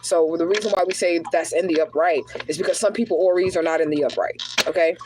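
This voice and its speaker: A woman's voice: fairly low pitch, fairly even intonation, fast talker, noisy background. Chatty woman reading cards live. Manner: casual, chatty, talks straight to viewers as y'all; drops into prayerful invocation. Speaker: spiritual card reader. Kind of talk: livestreamed tarot reading.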